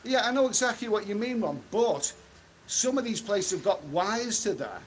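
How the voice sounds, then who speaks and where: Middle-aged man, fairly high voice, blunt and chatty livestream host, outdoor street with faint traffic. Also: animated. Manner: blunt, chatty, quick to snap at trolls. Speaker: travel vlogger reading live chat. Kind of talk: casual livestream chat.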